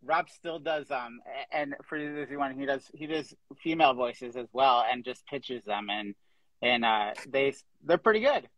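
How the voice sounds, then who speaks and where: A man hosting a podcast, asking halting, friendly questions in casual chat. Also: mid-range voice, animated, a bit bright, no room sound, poor audio. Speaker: podcast host.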